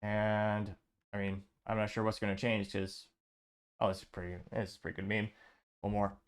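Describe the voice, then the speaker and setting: A man's voice: on the low side, little pitch movement, moderate pace, smooth. A man hosting a commentary show, reading social media posts aloud and adding offhand remarks. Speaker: show host.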